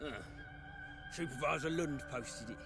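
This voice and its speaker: An actor playing a blunt, grumbling male city guard in a medieval slum, who talks in rough folksy grammar. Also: fairly high pitch, unhurried, a bit bright, soft background music.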